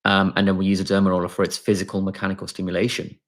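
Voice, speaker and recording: A man's voice: deep voice, completely flat delivery, racing. A man, a doctor, casually answering viewers' chat questions on a live stream, talking with many fillers and restarts.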